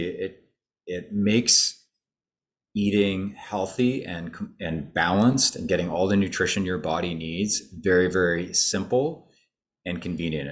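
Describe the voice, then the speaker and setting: A man presenting an online info session in a loose, conversational way, with frequent fillers and restarts. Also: low-pitched. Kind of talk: live webinar presentation.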